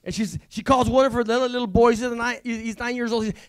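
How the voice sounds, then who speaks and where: A man, a visiting pastor, giving a rambling, excitable testimony at a church service, full of restarts. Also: very high-pitched, quick pace, clear, resonant tone. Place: church sanctuary.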